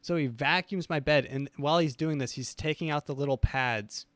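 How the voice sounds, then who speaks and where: A young man co-hosting a podcast, telling stories in a casual, animated way and laughing often. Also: fairly high pitch, normal speed, no echo. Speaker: podcast co-host. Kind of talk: casual storytelling chat.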